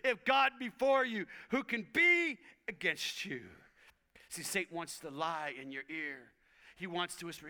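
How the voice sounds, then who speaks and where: A middle-aged man preaching a sermon, emphatic, repeating phrases and swinging from loud to whispers. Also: sits high, expressive, a little slow, smooth.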